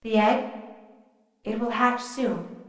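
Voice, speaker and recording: A woman's voice: fairly high pitch, slow pace, heavy reverb, big-room sound. A woman voicing a young female dragon who talks in simple, earnest phrases. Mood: devoted.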